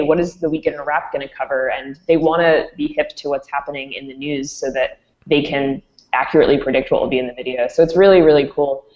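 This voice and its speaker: A woman with a low voice walks through a product demo, explaining at an easy clip with plenty of ums. The sound is dull and boomy, as if from a reverberant room over a muffled line. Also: a little mellow. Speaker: educational company presenter. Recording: dull, echoey room audio.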